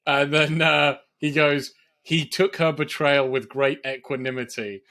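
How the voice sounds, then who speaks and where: A man's voice: a little high, steady tone, unhurried, pushed and bright. A man co-hosting a film podcast in casual chat, laughing often as he retells funny scenes and quotes their lines. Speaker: podcast co-host.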